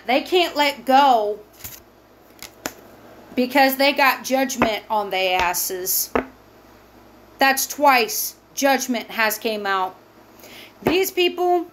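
A woman's voice: high voice, a little hiss or hum. Fiery profane woman reading tarot. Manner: heated, profane, emphatic. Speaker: tarot reader. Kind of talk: spiritual tarot reading monologue.

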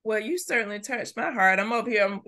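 A woman hosting a podcast, speaking in an appreciative, gentle way with some fillers. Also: medium pitch, expressive, fast talker. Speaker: podcast host. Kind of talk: podcast interview and sign-off.

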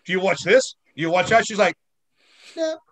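A man with a slightly raised pitch talks loosely and at length as a guest, circling back on himself with restarts and curse words. He is still shaken after a head injury, and it shows in the way his sentences wander before they land. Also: fast. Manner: rambling, many restarts, swears freely. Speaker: actor guest. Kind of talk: casual interview chat.

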